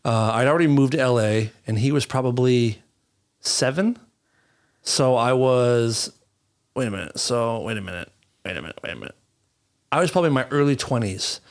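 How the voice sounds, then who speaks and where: A man in his thirties co-hosting a podcast, telling stories in casual chat, expressive and swearing freely. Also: medium pitch, normal speed, long pauses. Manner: expressive, swearing, laughing storyteller. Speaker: podcast co-host.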